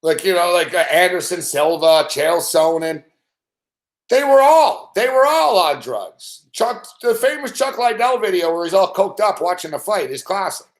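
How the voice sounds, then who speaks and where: A man hosts a late-night sports betting show and tells his stories in a loose, rambling rant. He swears constantly and keeps things animated. His slightly higher-than-usual voice echoes around a hard room. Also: normal speed. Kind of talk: late-night ranting storytelling.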